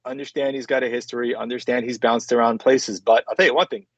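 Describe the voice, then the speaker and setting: A man's voice: mid-range voice, little pitch movement, fast, dry recording. A man co-hosting a sports talk show, talking it through conversationally with lots of "I mean" and "look" and some teasing. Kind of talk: casual sports debate. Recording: slightly dull lo-fi sound.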